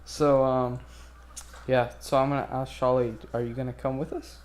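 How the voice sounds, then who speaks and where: A man's voice: mid-range voice, level tone, moderate pace, darkish tone. A man playing a tabletop game, describing his character's actions hesitantly, with repeated words. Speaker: player.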